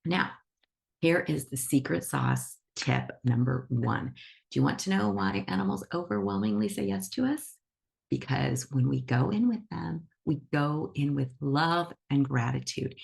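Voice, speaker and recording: A woman with a deep, strongly creaky voice leads an online class on a video call. She teaches in an enthusiastic, emphatic manner. She stays upbeat and energetic while she explains. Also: a little slow. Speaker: animal reiki teacher. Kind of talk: instructional talk to an online class.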